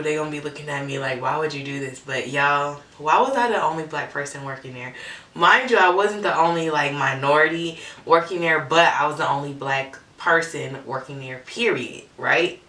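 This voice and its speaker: A young woman from Metro Atlanta tells a candid, chatty story, often checking in with "right?" and swearing now and then. Her voice sits low but has a bright, forceful edge. She sounds a little away from the mic, in a roomy space. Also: recorded from a distance. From Metro Atlanta, Georgia. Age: young adult. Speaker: vlogger. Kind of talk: casual storytime.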